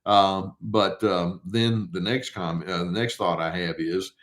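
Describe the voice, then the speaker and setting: Calm older man, lowish voice. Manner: calm and unhurried, answers his own rhetorical questions; acts out short quoted replies in a mock tone. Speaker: therapist answering viewer questions. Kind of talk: casual advice talk.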